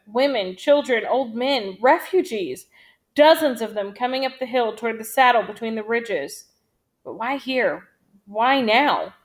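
Woman reading a war novel aloud, kinda high voice, steady pace. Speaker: audiobook reader.

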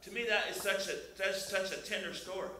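A man's voice: sits high, steady tone, brisk, bright, forceful tone, heavy reverb, distant mic. An older man from Missouri sharing a testimony in church, building to fervent praise. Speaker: church member leading testimony time. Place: church sanctuary.

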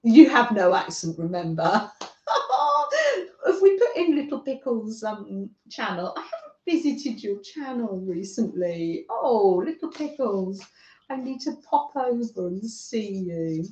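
Gentle, lively-voiced woman crafting live. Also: medium pitch, measured pace. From northern England. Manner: gentle, chatty, often laughing, addresses viewers by name. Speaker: craft livestream host. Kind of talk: casual chat with live viewers while crafting. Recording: echoey room, dull lo-fi sound.

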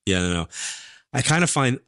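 A man, a psychic medium telling stories as a podcast guest in an animated, chatty way full of fillers. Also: medium pitch, normal speed, no echo, studio quality. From New York. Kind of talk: casual interview storytelling.

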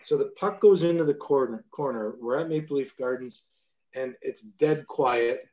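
Mellow-voiced man telling blunt hockey stories. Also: mid-range voice, moderate pace, roomy sound. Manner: blunt, profane storyteller with many restarts. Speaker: guest, former pro hockey player. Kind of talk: casual storytelling interview.

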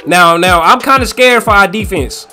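A man giving live commentary over his own football video game match, excitable and repeating hype phrases over and over. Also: sits high, moderate pace, faint music behind. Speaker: gaming YouTuber.

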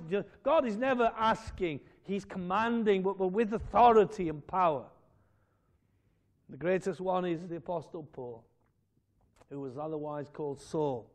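A man preaching a fervent sermon in a church, swelling to loud emphatic peaks and dropping to quiet asides. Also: high-pitched, measured pace. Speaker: pastor.

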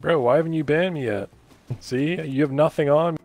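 A man from England talks over game voice chat, his voice riding fairly high. He sounds defensive and insistent, repeatedly protesting his innocence. Faint music sits under the chat. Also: normal speed, darkish tone, low-quality recording. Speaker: game player accused of cheating.

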